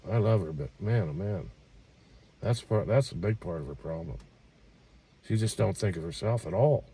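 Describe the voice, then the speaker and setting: Man vlogger, warm and gravelly, rambling and exasperated, mic a little distant. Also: deep voice, lively intonation, moderate pace. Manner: rambling, repeats himself, exasperated. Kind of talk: casual vlog talk. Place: small room in a care home.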